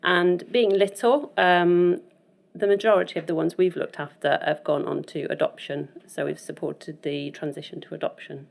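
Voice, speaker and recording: A foster carer, a woman in her thirties or forties, explains things in a measured way. Her voice is low with plenty of vocal fry. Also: steady tone. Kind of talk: interview answers.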